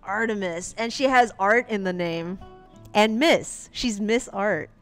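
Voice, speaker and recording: Woman, comic artist streaming, casual commentary, rambling, giggly, unhurried. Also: mid-range voice, soft background music.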